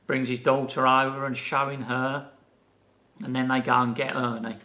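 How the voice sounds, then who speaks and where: A man in his fifties, a podcast co-host, telling a lively anecdote in casual chat and acting out the people he quotes. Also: mid-range voice, moderate pace.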